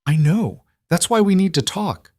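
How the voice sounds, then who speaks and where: A man playing a quiet, steady rancher who speaks in a measured, matter-of-fact way. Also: sits high, no echo, clean studio sound, pitched above the performer's own voice. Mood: calm.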